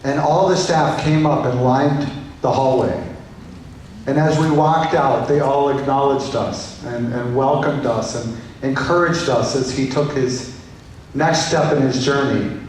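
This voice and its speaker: Man pastor giving a eulogy, soft and halting, lots of restarts, big echoey church, mic kinda far off. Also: mid-range voice, steady tone, a little hiss or hum. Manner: gentle, halting, heartfelt, with many restarts. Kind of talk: memorial eulogy. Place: large church hall.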